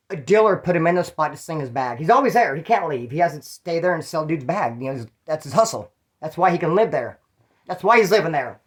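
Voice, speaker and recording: A man from California casually telling prison stories, in a profane, slangy, rambling way with restarts. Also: a little high. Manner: mimics others in quoted voices. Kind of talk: casual storytelling.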